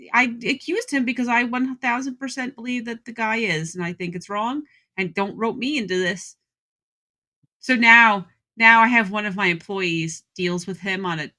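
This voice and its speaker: A woman co-hosting a casual talk show, telling stories and acting out the reactions of the people in them. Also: mid-range voice. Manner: animated, acts out quoted reactions. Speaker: co-host. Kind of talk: casual chat.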